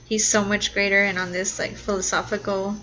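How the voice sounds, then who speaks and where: A woman's voice: medium pitch, level tone, brisk, sharp tone. A woman co-hosting a podcast in casual chat, giggly and chatty. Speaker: podcast co-host. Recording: dull, muffled sound.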